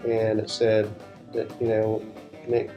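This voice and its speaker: A man's voice: lowish voice, monotone, takes it slowly, warm tone, muffled recording, soft background music. A man guesting on an interview, telling rambling stories in casual talk and often restarting his sentences. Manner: rambling, restarts sentences, laid-back storytelling. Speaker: session guitarist, interview guest.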